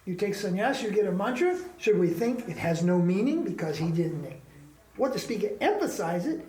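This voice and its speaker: A man's voice: high voice, expressive, moderate pace, a little mellow. A man teaching a spiritual class in an ashram, talking casually and emphatically and asking rhetorical questions. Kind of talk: informal spiritual class talk. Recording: roomy echo.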